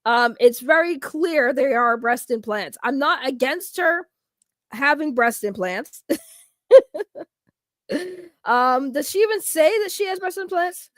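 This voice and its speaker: A young woman talks loudly and excitably, laughing often as she riffs with her stream chat. Her voice sits high and is captured close and dry, with no room around it. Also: slow, long pauses, no room sound. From Boston, Massachusetts. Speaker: streamer reacting to videos. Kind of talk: casual reaction stream chat.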